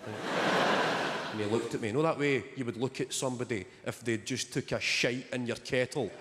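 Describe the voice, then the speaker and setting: Young comedian, dry deadpan jokes, mid voice, big hall with roaring crowd. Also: male voice, mid-range voice, normal speed, heavy background noise. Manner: dry, sardonic storytelling. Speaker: stand-up comedian. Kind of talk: stand-up comedy set. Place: theatre stage before a live audience. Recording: large hall with loud audience laughter.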